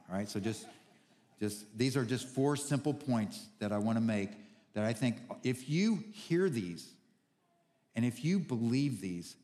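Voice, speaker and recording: A man's voice: lowish voice, mellow. A man preaching a sermon as pastor, reading scripture aloud and then teaching from it, earnest and building to emphatic points. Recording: long hall reverb.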